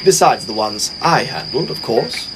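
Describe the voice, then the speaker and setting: A man playing a gentle old kindly engine. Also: medium pitch, big pitch swings, unhurried, noisy background. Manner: soft, earnest and warm-spoken.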